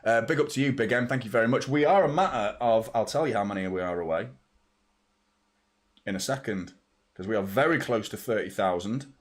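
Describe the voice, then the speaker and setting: A man's voice: lowish voice, brisk. A man in his thirties hosting a football watchalong live stream, talking casually and rambling as he reads out viewers' messages. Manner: chatty, rambling, reads out super chats.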